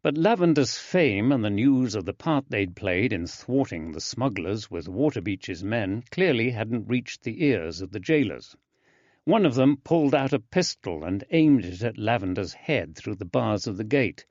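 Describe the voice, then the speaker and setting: Man narrating an audiobook, lively delivery. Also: on the low side, dry recording. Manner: measured, expressive. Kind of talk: scripted narration. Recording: dry, slightly dull.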